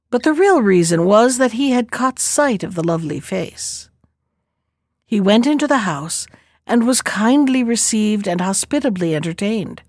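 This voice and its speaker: Female storyteller, calm and measured, fairly high voice, dry close recording. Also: no room sound. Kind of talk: fairy tale narration.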